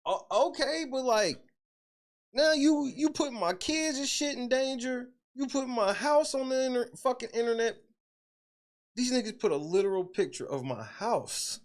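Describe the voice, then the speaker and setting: A man's voice: very high voice, moderate pace. Podcast host guy going off, swearing a lot, voice jumping all over, laughs a bunch. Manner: profane, animated, laughing between points. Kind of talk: casual podcast rant.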